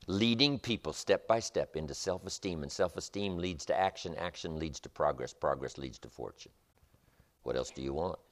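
A man's voice: very deep voice, moderate pace. A man giving a motivational lecture with an emphatic, repetitive, preacher-like cadence. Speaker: motivational speaker.

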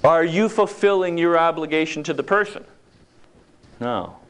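Jokey, conversational man with a higher voice. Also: animated, normal speed, fairly bright tone, clean tone. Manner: conversational, jokey, acts out quoted lines. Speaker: speaker giving a talk. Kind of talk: humorous motivational talk.

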